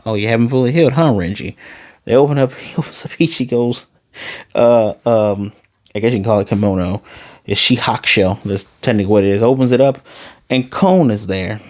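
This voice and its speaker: A man with a lowish voice recaps and reviews an anime episode, talking fairly quickly. He rambles with excitement, addressing his viewers directly.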